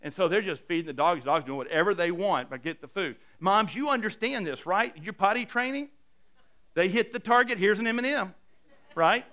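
A middle-aged man with a high-pitched voice preaches to his congregation in a relaxed, talky way. He stumbles over his first words now and then, and his voice sinks low and quiet when he drives a point home. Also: brisk. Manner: conversational preaching, stumbling repeats, drops to a hushed voice for emphasis. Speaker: pastor. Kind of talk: sermon.

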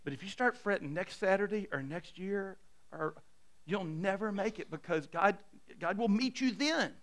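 High-voiced man preaching a conversational sermon. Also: normal speed. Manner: conversational preaching, stumbling repeats, drops to a hushed voice for emphasis. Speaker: pastor.

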